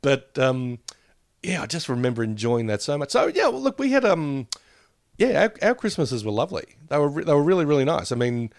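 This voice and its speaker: A man's voice: fairly high pitch, very animated, quick pace, vocal fry, no echo, clean studio sound. A man co-hosting a podcast, meandering through memories with frequent laughs. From Australia. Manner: meandering, reminiscing, laughs often. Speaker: podcast co-host. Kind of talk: casual chat.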